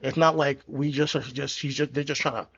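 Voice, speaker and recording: A man's voice: mid-range voice, fairly quick, husky. Podcast host, man, easygoing chat, slightly lo-fi remote mic sound. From New Jersey, USA. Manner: relaxed, conversational, some restarts. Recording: slightly dull lo-fi audio.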